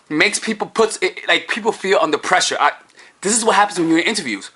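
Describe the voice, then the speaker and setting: A man's voice: sits high, animated, brisk, sharp tone, breathy edge. A man coaching on dating in a casual vlog, profane and rambling, recorded on a camera-mounted microphone.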